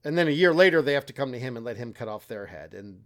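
A man's voice: mid-range voice, expressive, fast talker, fairly bright tone. Male podcast co-host, teacherly explainer, casual and self-mocking, slips into quoted voices. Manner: explanatory, self-deprecating, acts out quoted lines. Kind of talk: casual literary discussion.

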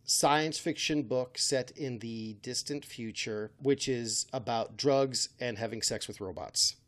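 A man's voice: medium pitch, a little slow, fairly bright tone. A man hosting a casual chat, rambling and correcting himself with a wry tone. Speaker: podcast host.

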